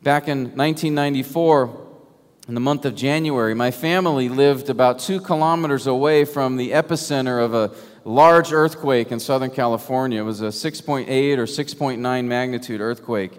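A man preaching a sermon, emphatic and full of rhetorical questions, sometimes dropping to a hush. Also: medium pitch, normal speed. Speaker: pastor. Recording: long hall reverb.

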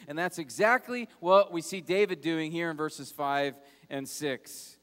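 A man preaching a sermon as pastor, moving between loud urgent passages and quiet, low, emphatic ones. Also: measured pace, hardly any pauses. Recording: long hall reverb.

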